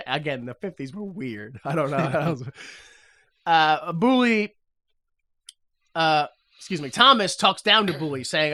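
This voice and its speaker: Podcast co-host, male, bright edgy voice; loose comedic recap with lots of voices and laughter. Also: on the high side. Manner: acts out characters in quick voices, laughs often, swears.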